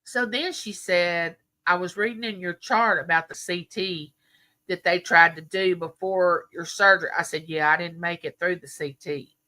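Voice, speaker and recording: A woman's voice: on the low side, moderate pace, bright, forceful tone. Chatty woman telling a story. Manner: chatty, storytelling with quoted dialogue. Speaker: livestream host. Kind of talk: casual chat with viewers.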